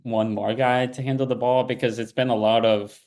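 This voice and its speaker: A man's voice: mid-range voice, level tone, normal speed, a little mellow. A young man co-hosting a sibling podcast, chatting casually about his team and rambling through fillers. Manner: laid-back, rambling with fillers and restarts. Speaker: podcast co-host. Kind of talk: casual sports chat.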